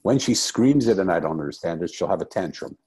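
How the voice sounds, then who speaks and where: Here a middle-aged man's deep voice has lively intonation, a darkish, slightly rough tone and a fairly quick pace. He's an interview guest sharing a personal story conversationally, earnest and reflective, leaning on repeated phrases for emphasis.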